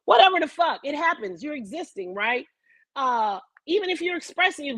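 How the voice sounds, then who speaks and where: A woman's voice: high-pitched, very animated, moderate pace, a bit bright, dry recording. A woman vlogger talking in a casual commentary style, emphatic and dramatic, with heavy swearing.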